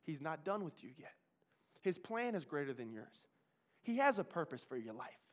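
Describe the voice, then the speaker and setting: A man voicing a gentle, soft-spoken spirit that speaks in a hushed, low, calm voice. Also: moderate pace. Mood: tender.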